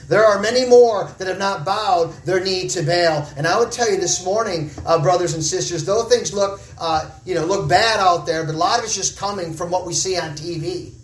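A man preaching a sermon as pastor, urgent and rising at times, then slow and hushed. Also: sits high. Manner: impassioned preaching, swinging from urgent rises to slow, hushed stretches. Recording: echoey room, voice from far off the mic.

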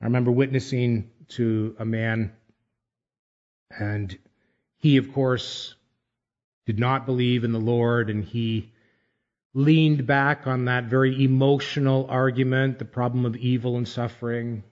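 A man preaching a sermon, measured and emphatic, pausing deliberately between phrases. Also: mid-range voice, steady tone, darkish tone, muffled recording. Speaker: pastor.

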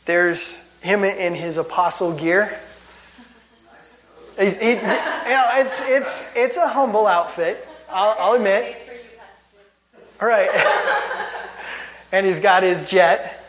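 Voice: medium pitch, takes it slowly, pauses often, fairly bright tone. Wry chuckling Bible teacher. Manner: gets worked up. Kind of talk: casual teaching talk.

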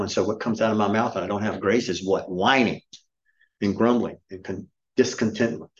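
A man's voice: fairly low pitch, fairly even intonation, a little fast, lo-fi sound. A middle-aged man preaching a sermon as pastor, emphatic and scolding, firing off rhetorical questions. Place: church.

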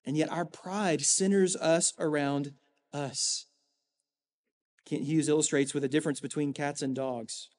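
A male pastor delivering a sermon in an earnest, emphatic way, leaning on rhetorical stresses and pauses. His voice sits fairly high, and it rings out with the long reverb of a church sanctuary. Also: steady tone, darkish tone.

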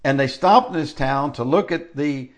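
A man's voice: fairly high pitch, normal speed. An older man preaching a sermon in a conversational, storytelling way, stretching out key phrases for emphasis.

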